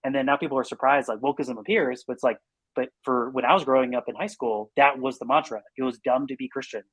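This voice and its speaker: A man talking as a podcast guest in casual conversation, earnest and rambling, with lots of "like" and quick run-on bursts. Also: medium pitch, steady tone, breathy edge, no echo, poor audio.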